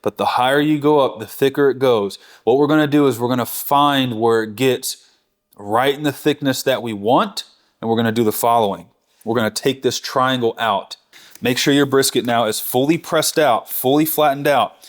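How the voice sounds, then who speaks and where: A man's voice: medium pitch, normal speed. A man in his thirties hosting a barbecue channel, talking through a hands-on cooking demonstration in an enthusiastic, chatty way and correcting himself as he goes.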